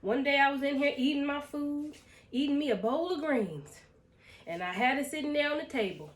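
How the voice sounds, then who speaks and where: A woman's voice: sits high, a little fast, echoey room, natural voice. A woman playing a brash, blunt mourner who tells sassy stories about a dog she never liked. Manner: sassy, drawling, blunt storyteller.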